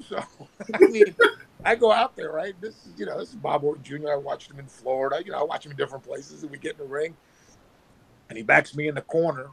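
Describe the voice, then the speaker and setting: A former pro wrestler telling animated stories with sound effects, talking on his phone from work. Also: on the high side, fast talker, gravelly, slightly rough, low-quality recording. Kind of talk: casual storytelling.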